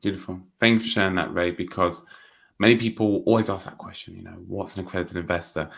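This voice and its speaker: Deep, gravelly podcast host. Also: male voice, fairly even intonation, fast, a bit bright. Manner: brief, affirming replies. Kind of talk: interview.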